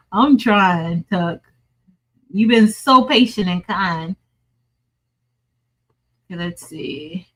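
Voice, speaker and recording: A woman's voice: lowish voice, lively intonation, extremely slow, long pauses, fairly bright tone, rough recording. A woman hosting a crafting livestream, chatting casually and muttering to herself as she works, with frequent laughs. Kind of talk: casual think-aloud crafting stream.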